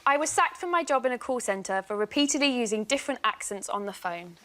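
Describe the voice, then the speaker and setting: A woman's voice: fairly high pitch, lively intonation, fast talker, fairly bright tone. A woman on a comedy panel show, telling an anecdote with amusement. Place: TV studio with an audience.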